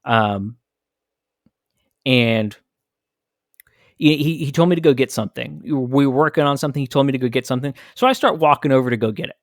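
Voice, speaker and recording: A man's voice: mid-range voice, brisk, long pauses, no room sound, clean studio sound. A man hosting a podcast, telling a candid, reflective story about his own childhood. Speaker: podcast host. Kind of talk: personal storytelling monologue.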